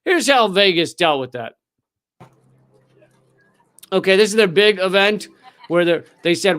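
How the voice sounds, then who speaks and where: A man's voice: high-pitched, lively intonation, measured pace, long pauses, a bit bright. A man hosting a livestream, ranting with sarcastic, profane commentary and frequent fillers. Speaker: livestream host.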